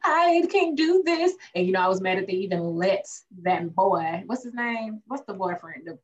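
A woman co-hosting a podcast in casual recap chat, animated and acting out quotes. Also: normal speed. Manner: animated, acts out quotes with rising pitch. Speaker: podcast co-host. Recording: distant, dull lo-fi mic with faint noise.

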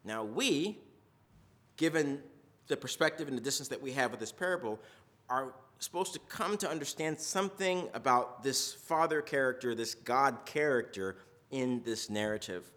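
A man's voice: medium pitch, expressive, moderate pace, fairly bright tone. A male preacher giving a sermon in a conversational, storytelling way with frequent asides.

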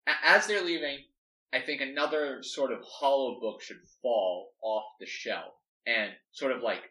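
A man with a mid-range, bright, forceful voice casually talks through a story plan, rambling and filling gaps with "like." The recording sounds echoey, with the mic placed at a distance.

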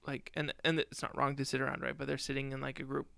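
A man's voice: medium pitch, monotone, fast talker, creaky, bright, forceful tone, no echo, studio quality. A man co-hosting a podcast, talking through a film review in casual chat, rambling with lots of fillers. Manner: rambling, lots of "like" fillers, tells personal stories. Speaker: podcast co-host.

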